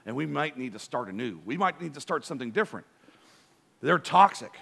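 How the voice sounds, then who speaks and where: A man preaching a sermon as pastor, animated, swinging from soft asides to loud, emphatic bursts. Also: medium pitch, a little fast, vocal fry, long reverb tail. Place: church sanctuary.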